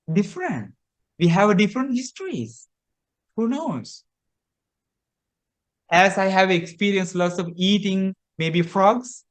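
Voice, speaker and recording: Monk delivering a story sermon; unhurried, repetitive, slightly high-pitched man. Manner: slow, repetitive, with hesitant restarts. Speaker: Buddhist monk teacher.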